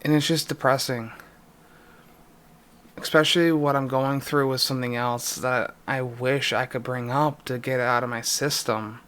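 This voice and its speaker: A young man in an emotional vlog confession, distressed and near tears, speaking haltingly with pauses and a voice that drops. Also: medium pitch, fairly even intonation, a bit bright. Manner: halting, pausing, voice dropping. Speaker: YouTuber.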